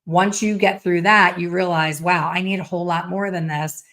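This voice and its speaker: This lowish, fairly bright female voice moves at a normal pace with fairly even intonation. She's a hair color educator in her fifties hosting a casual live stream, blunt and chatty, with a sassy edge and put-on voices as she tells stories.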